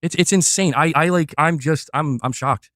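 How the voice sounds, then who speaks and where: A man's voice: on the high side, a bit bright, dry recording, studio quality. A man ranting as a gaming commentator, reacting to a video in a fiery, exasperated, profane way. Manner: fiery, exasperated, profane, talks fast in bursts. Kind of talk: heated reaction rant.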